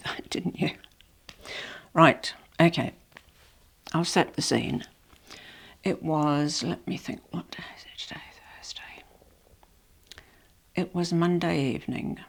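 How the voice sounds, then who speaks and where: A woman's voice: low voice, creaky. A woman with a cold and a nasal voice, a bit out of breath, chatting and rambling apologetically to camera at home. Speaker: vlogger. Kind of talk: casual unboxing chat. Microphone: small microphone.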